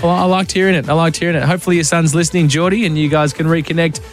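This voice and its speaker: Australian male radio host, light higher voice, teasing banter, soft music under. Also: fairly even intonation, rapid-fire. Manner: easygoing, teasing, laughs often.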